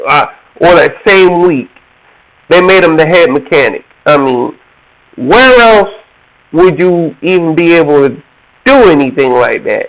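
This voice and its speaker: A man's voice: high voice, poor audio. A man, casually telling a story and acting out other people's voices. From Georgia, USA. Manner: animated, laughs often, acts out quoted voices.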